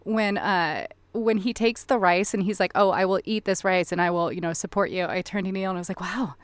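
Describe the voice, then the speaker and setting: A woman's voice: lowish voice, a little fast, no echo. A woman in her thirties co-hosting a casual film podcast, chatty, laughing often and acting out quotes. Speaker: podcast co-host.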